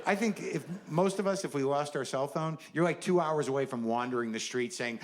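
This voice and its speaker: A man's voice: a little high, fairly quick, hardly any pauses. A middle-aged man doing a stand-up comedy set, riffing in a wry, sardonic, conversational way.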